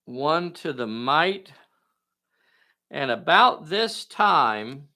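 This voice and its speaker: Man, tabletop host, enthusiastic, folksy, crisp bright tone. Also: on the high side. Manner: folksy and enthusiastic, talks to viewers directly. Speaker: game master and host. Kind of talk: live narration of a tabletop game.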